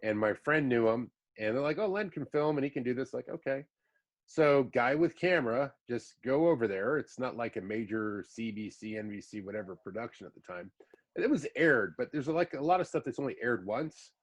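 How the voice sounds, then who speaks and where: A man's voice: mid-range voice, brisk. A man in his fifties hosting a podcast, telling long rambling anecdotes with lots of asides in a casual chat. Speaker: podcast host.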